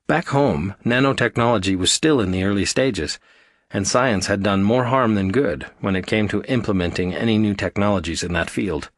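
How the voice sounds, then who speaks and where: A male narrator reads an audiobook in a steady, even storytelling manner. His voice sits slightly low, and the recording is dry and close. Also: normal speed, no room sound. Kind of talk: scripted narration.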